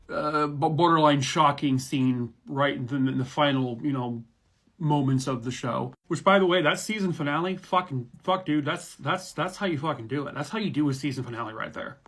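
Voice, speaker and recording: A man's voice: on the high side, moderate pace, fairly bright tone. A man chatting casually as an online reviewer, enthusiastic, rambling and profane.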